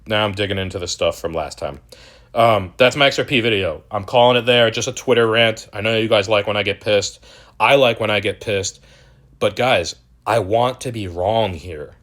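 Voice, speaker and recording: A man's voice: lowish voice, normal speed, long pauses, a bit bright. A young man hosting a crypto channel, ranting in a profane, exasperated and mocking way. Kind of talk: ranting video commentary.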